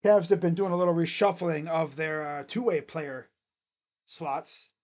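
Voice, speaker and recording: A man with a fairly high voice calls a game live for his stream, loud and excited on the plays. Between them he drops into a quiet, casual mumble, chatting loosely with his viewers. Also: a little slow. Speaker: streamer doing live play-by-play. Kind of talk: casual live play-by-play commentary.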